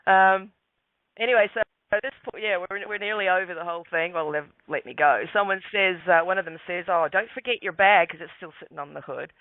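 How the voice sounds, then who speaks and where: A man's voice: sits high, fairly quick, no room sound. A man recounting a story as a radio guest over Skype, hesitant with many restarts. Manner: hesitant, restarts often, says mate. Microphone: Skype call. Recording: tinny Skype line, dry.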